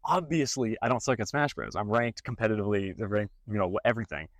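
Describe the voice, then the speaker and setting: A young man, a fitness and gaming content creator, talks fast in a fairly low voice with no echo. His casual talking-head advice comes with animated stories and mocking imitations.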